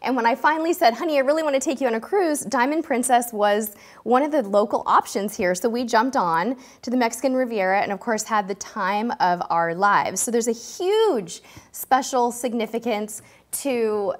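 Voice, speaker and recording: A woman's voice: on the high side, animated, moderate pace. Chatty emotional woman hosting a live stream. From California, US. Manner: chatty, gushing, talks straight to viewers in the chat. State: tearful, choked up at times.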